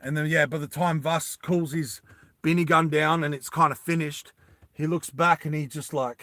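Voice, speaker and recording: A man narrating a tabletop game as game master, in an animated, rambling storytelling style. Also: on the high side, normal speed, no room sound.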